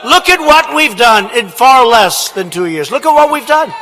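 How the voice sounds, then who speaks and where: A man giving a campaign rally speech in a large indoor hall, shouting with emphatic, repetitive phrasing into a podium microphone. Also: very high voice, very animated, normal speed, background noise. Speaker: politician at a rally.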